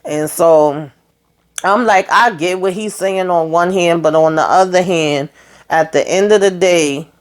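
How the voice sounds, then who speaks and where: A woman's voice: lowish voice, lively intonation, measured pace. Woman w/ recapping her show, chatty, acts out the lines as she retells em. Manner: retells scenes in quoted dialogue, chatty asides. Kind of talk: casual recap commentary.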